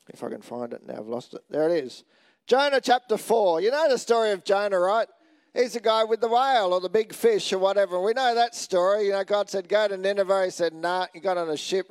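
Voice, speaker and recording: A man preaching a sermon in a chatty, joking way, asking the congregation questions as he goes. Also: high-pitched. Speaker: pastor.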